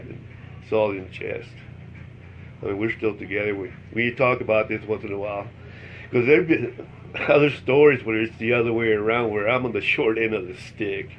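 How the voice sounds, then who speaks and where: Lower-voiced man telling a rambling story. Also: gravelly, dull audio, a little hiss or hum. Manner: rambling, laughs through the story. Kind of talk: casual storytelling.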